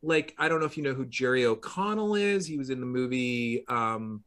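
A man's voice: mid-range voice, normal speed, a bit bright. A middle-aged man from Long Island, hosting a casual conversation and rambling through anecdotes with lots of fillers and restarts. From New York, Long Island. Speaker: podcast host.

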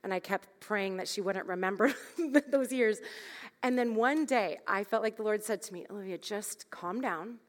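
A woman's voice: medium pitch, normal speed. A woman in her thirties telling a candid, self-deprecating parenting story as part of a sermon, laughing at herself as she goes. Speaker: speaker at a church gathering. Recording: long hall reverb.

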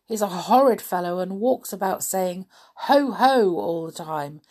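A woman voicing a small, anxious, gentle male pixie in a storybook reading, talking in breathless, hurried pleas. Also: medium pitch.

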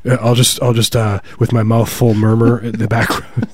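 A man co-hosting a podcast, riffing on absurd deadpan jokes in a casual comedic chat. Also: mid-range voice, normal speed, slight background noise. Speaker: podcast co-host.

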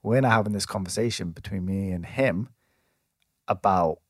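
A young man tells a meandering story in a relaxed chat, circling back with fillers and false starts. His voice sits on the low side. The sound is dry and close. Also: normal speed, slightly rough, no room sound. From England. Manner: rambling storyteller with many restarts and fillers. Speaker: podcast co-host. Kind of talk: casual chat.

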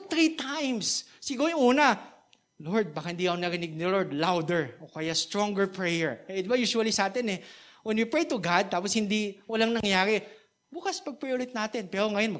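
Filipino lady pastor preaching, chatty, keeps asking the crowd stuff, voice a bit high. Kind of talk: sermon.

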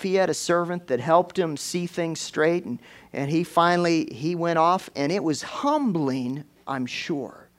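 A man's voice: fairly high pitch, unhurried. A man preaching a folksy, conversational sermon, rising into fervent exclamations as he drives his points home.

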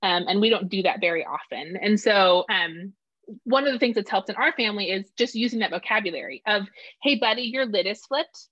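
A woman's voice: medium pitch, fairly quick, no room sound. A middle-aged woman in casual conversation, talking animatedly and acting out quoted voices. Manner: animated, acts out voices when quoting. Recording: dull lo-fi sound.

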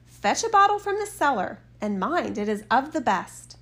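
A woman voicing a gruff, threatening robber leader in a fairy tale reading. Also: a little high, very animated, moderate pace. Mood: menacing.

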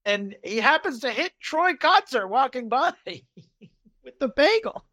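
A man's voice: very high voice, unhurried. A man co-hosting a podcast, casually recapping a TV episode, acting out the characters' lines and laughing often. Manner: animated retelling, acting out quotes, laughing often. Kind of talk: casual chat.

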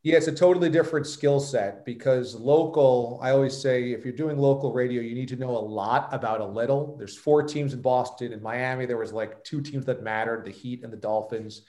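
A man's voice: medium pitch, steady tone, brisk, few pauses, warm tone. Confident New man with a roomy sound. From New York. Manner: emphatic and self-assured storytelling. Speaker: guest, sports radio host. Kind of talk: podcast interview.

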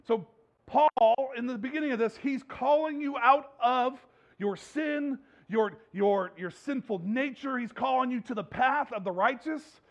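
A man preaching a sermon as pastor, animated and acting out playful voices, with rising exhortations. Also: very high-pitched, measured pace, muffled recording.

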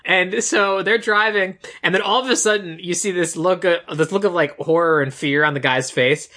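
A man in casual chat, recapping a movie scene by scene and acting out the characters' lines in quick snippets. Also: high voice, bright, forceful tone.

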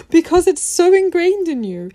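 Mellow-voiced woman hosting a self-help talk. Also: fairly high pitch. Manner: earnest, conversational, laughs easily, drifts into acted quotes. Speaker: podcast host.

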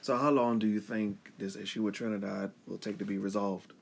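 A man with a low voice in a casual podcast chat. He talks persuasively and lays out his ideas step by step. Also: steady tone, brisk, vocal fry, a little hiss or hum.

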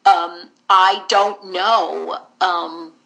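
A woman voice actor sits for an interview and recounts her career in a candid, wandering way. Her voice sits a little low for a woman but comes out bright and forceful. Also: fairly even intonation, very slow, gravelly, poor audio. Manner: candid, rambling storyteller.

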